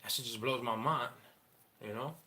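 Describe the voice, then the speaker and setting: A man in a candid personal monologue, rambling and profane, halting often with fillers as he talks about his feelings. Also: medium pitch, bright, forceful tone. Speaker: father sharing personal story.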